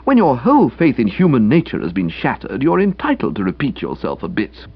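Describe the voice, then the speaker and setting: A man voicing a breezy, self-assured young gentleman who teases with mock-solemn pronouncements in an audiobook reading. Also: mid-range voice, huge pitch swings, brisk, slightly rough, dull audio, heavily acted. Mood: mock-reproachful. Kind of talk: audiobook character voice.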